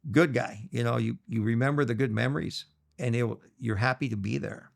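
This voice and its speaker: A middle-aged man with a gravelly, rough-edged voice recounts stories in a relaxed interview. He slips into the voices of the people in his stories, and his pitch sits in an ordinary middle range. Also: brisk. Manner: animated storyteller, acts out quoted voices. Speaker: interview guest. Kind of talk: storytelling interview.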